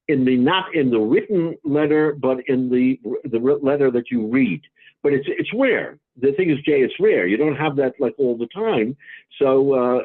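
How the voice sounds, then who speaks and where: A rabbi teaching a Talmud class, explaining patiently in halting speech with many restarts. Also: male voice, medium pitch, phone-quality sound.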